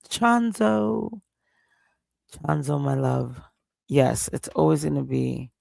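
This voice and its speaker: A man's voice: medium pitch, creaky, a little mellow, no echo. A man hosting a livestream, ranting in a heated, profane way and repeating his points. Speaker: livestream host. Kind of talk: casual livestream rant.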